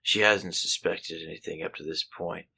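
Deep, gravelly laid-back guy. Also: steady tone, normal speed, bright, forceful tone. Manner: laid-back, laughing reactions. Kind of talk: casual chat.

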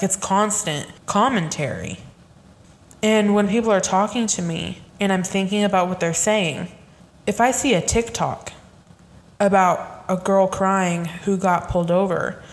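A young woman talks through tweets on her solo podcast, casual and rambling. Her voice sits at a middle pitch, and she drifts from one aside to the next in easy, chatty talk. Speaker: podcast host.

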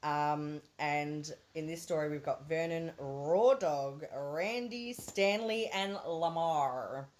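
A woman's voice: low voice, slow pace, hardly any pauses, slight background noise. Laughing woman podcaster recapping a film. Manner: laughs often, swears freely. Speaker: podcast co-host. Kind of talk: casual movie review chat.

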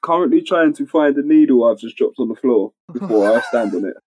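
A man's voice: mid-range voice, lively intonation, brisk, a little mellow. A talkative man co-hosting a casual podcast, fidgety, swearing and laughing a lot. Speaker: podcast co-host. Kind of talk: casual chat. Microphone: desk mic, sometimes moving away.

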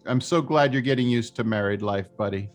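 A man playing a tabletop game, describing what his character does in a halting way full of fillers. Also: medium pitch. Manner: halting, filler-heavy phrasing. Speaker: player. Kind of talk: tabletop role-play.

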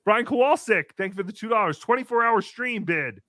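A man in his thirties hosting a livestream, reading donations and joking around in a casual, animated way. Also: high-pitched, a little fast, no echo, clean studio sound. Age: 30s. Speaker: livestream host.

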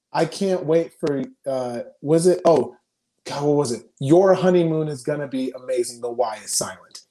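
A young man and video creator talking casually in an interview over a video call, telling frantic, animated stories full of swearing. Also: a little high, a little hiss or hum.

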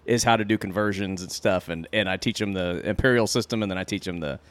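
A man's voice: low-pitched, quick pace, slight background noise. A man co-hosting a casual chat, blunt and profane, laughing often. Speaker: co-host, trade instructor.

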